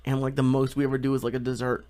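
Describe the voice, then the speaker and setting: A man's voice: mid-range voice, completely flat delivery, very fast, a little mellow. A man chatting casually as a podcast co-host, hesitant and anxious, full of likes and restarts. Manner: hesitant, anxious, filler-heavy. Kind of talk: casual chat.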